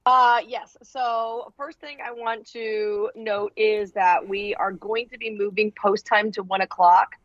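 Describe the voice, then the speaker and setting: A woman's voice: mid-range voice, fairly even intonation, unhurried, few pauses, no room sound. Chatty woman co-host, dull dry sound. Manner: chatty, with fillers and laughs. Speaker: co-host announcing track events. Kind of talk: casual podcast chat.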